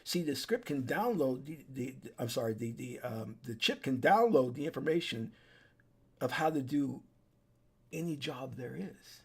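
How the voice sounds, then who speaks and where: This man speaks in a mid-range, animated voice with a breathy edge, keeping a moderate pace. As an online commentator, he delivers an urgent, preachy warning monologue alone to his desk webcam, repeating himself and restarting sentences.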